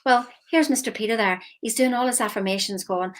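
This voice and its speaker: A woman mindset coach giving a lively, emphatic motivational talk straight to her viewers. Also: on the high side, fairly quick. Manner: lively, emphatic, slips into quoted voices.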